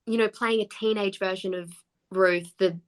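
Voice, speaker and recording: A woman in her twenties, a guest actor chatting on a podcast and telling animated stories with frequent laughs. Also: medium pitch, moderate pace. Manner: animated storyteller, laughs often. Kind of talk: casual podcast chat.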